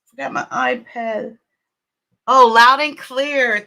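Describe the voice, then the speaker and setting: A woman's voice: fairly high pitch, animated, slow pace, bright, forceful tone. A middle-aged woman hosting a casual livestream, chatting and greeting viewers by name with frequent laughs. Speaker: livestream host.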